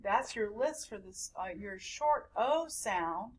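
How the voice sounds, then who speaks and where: A woman teaching a recorded phonics lesson to young children, slowly stretching out and repeating each sound in a sing-song way. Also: medium pitch, animated, husky. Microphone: camera recording at a desk.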